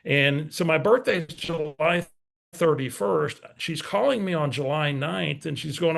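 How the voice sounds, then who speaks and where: A man's voice: on the high side, a little slow, gravelly, a bit bright. A man, coaching real estate agents through a folksy, story-driven motivational talk. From San Antonio, Texas. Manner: storytelling, folksy, direct to audience.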